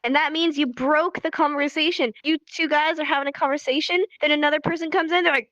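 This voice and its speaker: Bright chatty young woman teaching. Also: sits high, big pitch swings, a little fast, no echo, lo-fi sound. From California. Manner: chatty, laughs often, acts out examples. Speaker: sign language teacher. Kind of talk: casual livestream lesson.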